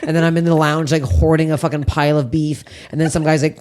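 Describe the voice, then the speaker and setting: Lady podcast host, swears a lot, animated storytelling, casual chat. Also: low voice, quick pace, hardly any pauses. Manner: profane, animated storytelling with quoted outbursts.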